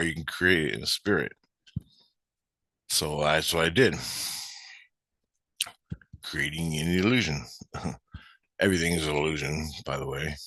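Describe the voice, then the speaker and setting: A man's voice: low-pitched, sharp tone, dry recording. A man telling a rambling spiritual story to camera in a casual, meandering way, with some swearing. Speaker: vlogger.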